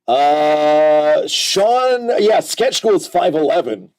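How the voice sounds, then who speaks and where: A man's voice: a little high, expressive, slow pace, a little mellow. A man in his forties hosting a casual livestream, reading viewer comments aloud and joking about them. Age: 40s.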